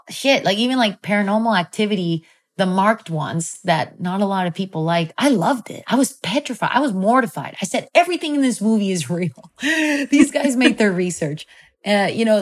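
Animated, chatty woman storyteller. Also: mid-range voice. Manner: animated, lots of fillers. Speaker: guest telling a personal story. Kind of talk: casual storytelling chat.

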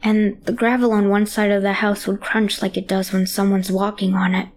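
A woman's voice: medium pitch, level tone, normal speed, a little hiss or hum. A woman reading a horror story aloud in a child's hesitant first-person voice. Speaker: narrator. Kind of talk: scripted horror narration.

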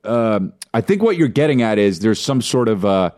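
A male podcast co-host in loose, joking conversation, his voice sitting a little low. He is laid-back and lets sentences trail off into fillers. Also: expressive, moderate pace, darkish tone. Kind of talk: casual chat.

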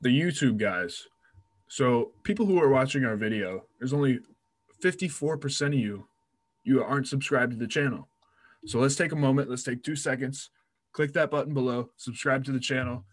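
Mid-pitched man pitching subscribes. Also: normal speed. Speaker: podcast co-host. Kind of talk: casual chat.

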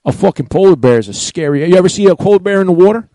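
Animated, fast-talking man in casual banter. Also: high voice, no echo. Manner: animated, profane, riffing. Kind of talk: casual chat. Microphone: close studio mic.

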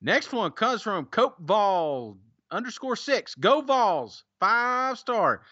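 A man's voice: sits high, sing-song, slow pace, a bit bright, breathy edge, no room sound, muffled recording. A man co-hosting a podcast, reading out listener reviews in a casual, teasing way and laughing often. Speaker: podcast co-host.

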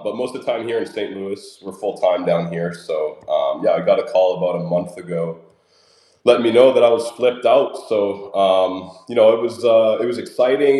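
A man's voice: low-pitched, mellow, echoey room. A man, a professional baseball player, chatting laid-back as a guest with lots of ums and uhs. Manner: laid-back, many fillers like um and uh. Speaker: guest, pro baseball outfielder. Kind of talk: casual interview.

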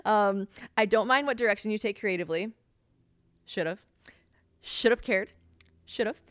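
A woman's voice: medium pitch, unhurried, long pauses, a bit bright, no echo, studio quality. A young woman hosting a podcast, chatting casually and venting in an exasperated way, swearing freely and saying "like" constantly. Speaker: podcast host. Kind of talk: casual solo chat.

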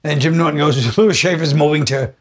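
A man's voice: on the high side, fairly quick. A man in casual chat, mostly reacting with short laughs and comments to another's stories. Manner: brief reactive interjections, laughing along. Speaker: guest comedian.

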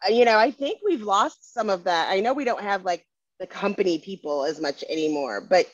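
A woman's voice: mid-range voice, expressive, fairly quick, no echo. A woman co-hosting a podcast interview, explaining her points in a firm, persuasive way. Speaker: podcast co-host. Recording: dry, slightly dull sound.

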